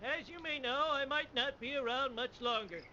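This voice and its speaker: A frail, high-pitched old game character. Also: male voice, moderate pace, sharp tone, full character voice. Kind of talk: recorded game voice line. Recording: dull lo-fi game capture.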